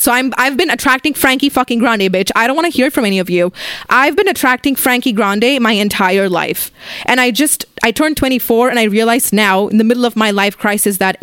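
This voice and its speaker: A woman in her twenties hosting a casual solo podcast from her apartment, talking bluntly and profanely with animated storytelling. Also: on the high side, clear, resonant tone, dry recording, clean studio sound. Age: 20s. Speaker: podcast host.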